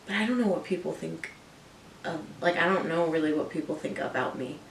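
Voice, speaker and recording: A woman's voice: low voice, a little fast, creaky, distant mic, slight background noise. Brief: young woman, upbeat chatter, heard a little off-mic in an echoey room. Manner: chatty, upbeat, lots of fillers. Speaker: co-host. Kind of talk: casual chat.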